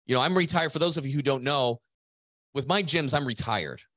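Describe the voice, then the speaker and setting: A man's voice: mid-range voice, animated, brisk, a bit bright, no echo. Emphatic male podcast co-host, dry sound. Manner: emphatic, motivational, swears casually. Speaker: podcast co-host, gym business coach. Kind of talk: casual business podcast talk.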